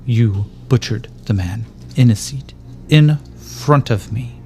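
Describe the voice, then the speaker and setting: A man's voice: mid-range voice, slow pace, a little mellow, lightly acted. A man voicing a stern, grieving older knight lord who speaks in a solemn, reproachful way to a younger knight in a tabletop game. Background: faint background music.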